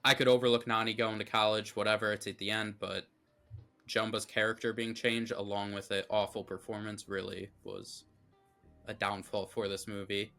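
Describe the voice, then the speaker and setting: A man with a fairly low but bright, forceful voice, co-hosting a casual movie review chat. He talks bluntly and opinionatedly, slipping into heated rants with plenty of fillers. Faint music plays underneath. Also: flat delivery, moderate pace, creaky. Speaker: co-host of a movie review show.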